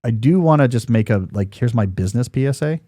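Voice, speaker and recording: Man, podcast host, casual chat, rambling with restarts, mid-pitched, dry close mic. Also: expressive, fast talker, warm tone, no room sound. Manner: rambling, jokey, lots of fillers and restarts.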